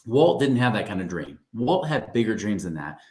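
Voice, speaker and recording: Speaking at a moderate pace in a somewhat low, slightly mellow voice, a financial coach delivers a very animated webinar in a roomy-sounding space. He's conversational and upbeat, often tossing in "right?" and "guys" to check in with his audience.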